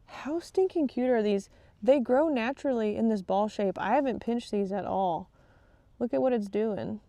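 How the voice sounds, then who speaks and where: A woman's voice: a little high, normal speed, dark tone, no room sound. A woman hosting a casual gardening vlog outdoors in her garden, chatty and easily distracted, laughing often. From Texas. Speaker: gardening channel host. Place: outdoor garden on a rainy day.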